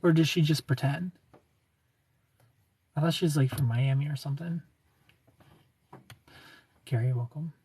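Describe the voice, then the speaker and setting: A man's voice: on the high side, a little slow, long pauses, mellow, breathy edge. A young man hosting a casual livestream, greeting viewers and ranting with plenty of swearing and laughter. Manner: ranting, profane, laughing often. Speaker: livestream host. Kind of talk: casual livestream chat reading comments.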